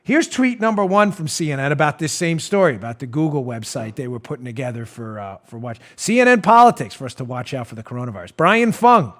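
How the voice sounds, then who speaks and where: A man's voice: fairly high pitch, animated, fast talker, hardly any pauses, fairly bright tone. A man hosting a political talk show, giving sarcastic, mocking commentary into a studio mic and laughing at his own jabs. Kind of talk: opinionated commentary.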